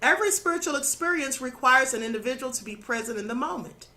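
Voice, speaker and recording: A woman with a high, bright voice gives a spiritual lesson in an earnest, instructive way. She checks in with the listener as she goes, and her voice sounds a little worn. She talks as the host of her own channel. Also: animated, fast. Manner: earnest, instructive, adds "okay?" and "you know". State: slightly losing her voice. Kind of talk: spiritual teaching monologue.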